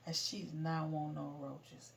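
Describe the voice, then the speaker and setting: A middle-aged woman casually telling a story, animated, laughing and swearing as she goes. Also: deep voice, a little slow, gravelly, far from the mic.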